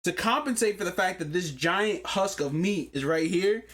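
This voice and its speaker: A man's voice: high-pitched, animated, normal speed, fairly bright tone. A man co-hosting a podcast, telling a story in a casual chat, slangy and profane. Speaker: podcast co-host.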